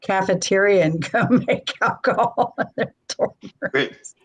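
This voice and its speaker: A woman with a Midwestern American accent hosting a casual live-stream chat, talkative and quick to laugh. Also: medium pitch, low-quality recording. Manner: chatty, laughs often. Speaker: host.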